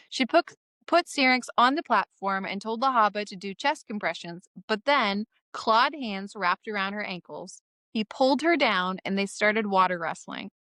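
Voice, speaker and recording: Close to crying, this woman reads a comic chapter summary on a casual podcast she co-hosts, swearing freely and laughing through tears. Her medium-pitched voice sounds sharp and clean in a dry recording.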